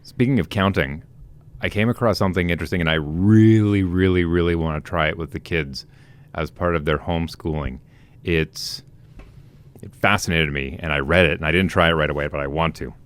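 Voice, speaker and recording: Deep-voiced man explaining casually. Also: fairly quick, clear, resonant tone. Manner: relaxed, explains with restarts and asides. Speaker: podcast co-host. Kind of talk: casual chat.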